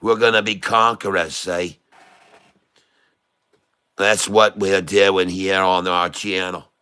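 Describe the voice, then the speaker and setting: A man's voice: low voice, little pitch movement, slow, sharp tone, clear, resonant tone. A man hosting a casual day-trading livestream, talking in a folksy, joking, rambling way.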